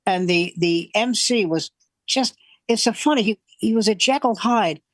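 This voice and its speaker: An older man in his seventies or beyond, a veteran comic, rattles off club stories in a casual, animated way. He slips into the voices of the people he quotes. The sound is dry and close. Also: high-pitched, moderate pace, no room sound. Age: 70s or older. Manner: animated storyteller who acts out quoted voices. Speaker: veteran comedian guest. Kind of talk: casual anecdote telling.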